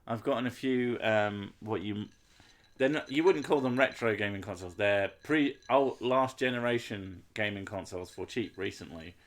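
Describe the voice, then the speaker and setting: A man's voice: on the low side, moderate pace. A man, chatting casually and rambling on a live stream, swearing freely and joking at his own expense. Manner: rambling, sweary, self-mocking humour. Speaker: game streamer.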